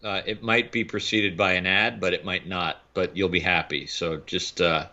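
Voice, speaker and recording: A man's voice: low-pitched, fairly even intonation, moderate pace, sharp tone, muffled recording. A man co-hosting a film podcast in casual, laid-back chat. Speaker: podcast co-host.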